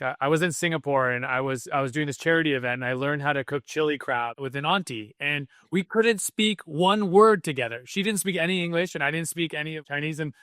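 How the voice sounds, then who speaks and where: A man's voice: fairly high pitch, fairly bright tone, no echo, studio quality. A man hosting an interview podcast, talking in an earnest, reflective way. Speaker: podcast host. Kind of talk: casual interview chat.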